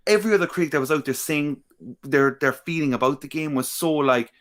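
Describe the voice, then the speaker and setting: A man's voice: fairly high pitch, a little fast, fairly bright tone. A man co-hosting a gaming podcast, rambling enthusiastically and repeating words for emphasis. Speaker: podcast co-host. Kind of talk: casual chat.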